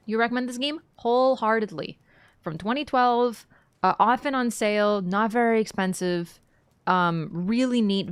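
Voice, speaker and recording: A woman's voice: mid-range voice, no room sound. A woman streamer commenting on a game with sarcastic, joking asides.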